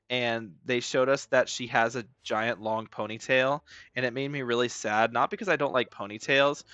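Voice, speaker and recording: A man streaming a game, chatting casually in a playful, rambling way with swearing and sudden loud excited outbursts. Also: mid-range voice, no room sound. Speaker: gaming streamer. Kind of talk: casual live gameplay commentary.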